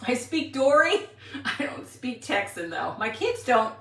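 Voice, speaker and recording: A woman in her sixties from Wisconsin rambles cheerfully through a home craft livestream and stops often to answer viewers. Her voice is bright and sits a little high. She is some distance from the mic in a room with a roomy echo. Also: big pitch swings, a little slow. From Wisconsin, USA. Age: 60s. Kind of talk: casual craft livestream chat.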